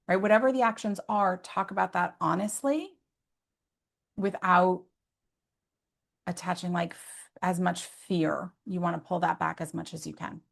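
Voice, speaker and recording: Parenting educator, female, slightly low voice, earnest and conversational, peppers talk with asides. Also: fairly even intonation, unhurried, creaky. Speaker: behavior specialist.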